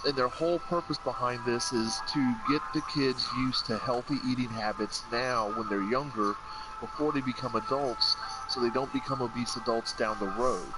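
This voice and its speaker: A man's voice: medium pitch, moderate pace, over loud music, poor audio. A man from the United States hosting a let's play, chatting casually and rambling through a story with lots of repeated filler phrases. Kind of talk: casual gameplay chat. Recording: loud constant background noise.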